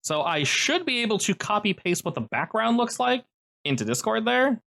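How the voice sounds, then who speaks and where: Male game master, lively delivery, chatty rule explanations. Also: sits high, normal speed, creaky. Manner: lively, explanatory, many fillers. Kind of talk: running a tabletop game over voice chat.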